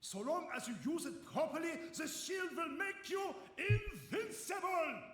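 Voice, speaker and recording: High, lively, pompous German shield-master in a game; echoey, distant game audio. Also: male voice, measured pace, music in the background. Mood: boastful. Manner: pompous, emphatic lecturing. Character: boastful German shield-master man, middle-aged. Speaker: game character.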